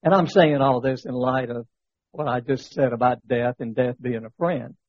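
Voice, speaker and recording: A man's voice: medium pitch, steady tone, normal speed, dry recording, dull audio. A man teaching a church Bible study lesson, talking conversationally with many fillers and rhetorical questions, telling a story. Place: church classroom.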